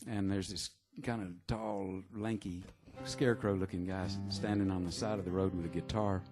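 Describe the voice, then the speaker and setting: A singer-songwriter from Texas rambles through stage banter between songs at a live music venue, his low voice fairly even in intonation. He tells stories haltingly with many fillers, and the live concert recording carries guitar playing in the background.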